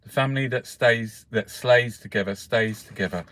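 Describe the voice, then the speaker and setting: A man's voice: mid-range voice, normal speed, a bit bright, a little hiss or hum. An Irish man hosting a casual newspaper review, rambling and swearing freely as he talks. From Ireland. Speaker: host.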